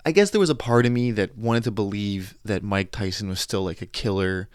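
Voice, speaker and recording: A young man with a lowish voice talks through a podcast monologue, recorded dry and close to the mic. He tells his story in an animated way, acting out the people he quotes and often restarting mid-sentence. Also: normal speed, clear, resonant tone, dry recording. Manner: animated storytelling, quoting others, frustrated asides, frequent restarts. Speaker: podcast host. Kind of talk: casual monologue.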